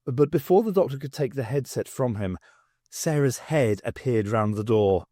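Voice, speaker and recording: A man reading a novel aloud as an audiobook, with expressive storytelling. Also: mid-range voice, normal speed, no echo, studio quality. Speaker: audiobook reader.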